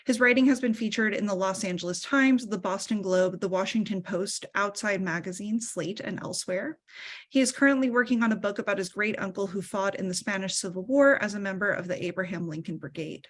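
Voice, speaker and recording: A woman's voice: mid-range voice, fairly quick. Woman reading speaker introductions. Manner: reads scripted bios steadily. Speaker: event host.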